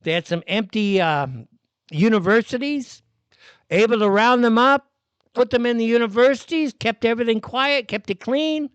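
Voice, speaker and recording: A man's voice: very high-pitched, moderate pace, smooth, dry recording, dull audio. A man hosting a live commentary show, ranting bluntly and swearing often.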